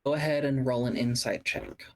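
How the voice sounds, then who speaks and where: A game master narrating a tabletop game, setting scenes with slow, descriptive phrasing and pauses. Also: medium pitch, animated, noisy background.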